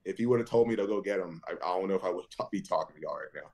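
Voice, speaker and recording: A man in his thirties, a football linebacker, telling animated stories as a podcast guest, often laughing and jumping high in pitch when quoting others. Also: rapid-fire. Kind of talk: animated storytelling.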